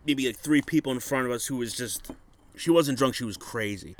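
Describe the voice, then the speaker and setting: A man telling a bar story in casual chat, profane and animated, acting out what people said. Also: medium pitch, a little fast.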